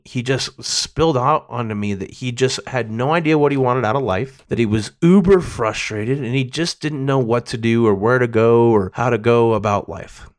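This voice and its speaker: A man's voice: mid-range voice, normal speed, few pauses. A middle-aged man giving a candid personal monologue, emotional and profane, rambling with restarts.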